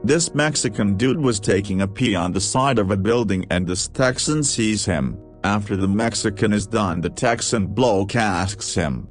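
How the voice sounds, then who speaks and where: A man reading a list of jokes aloud, with a steady question-and-punchline delivery. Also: lowish voice, normal speed, few pauses, soft background music. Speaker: joke reader.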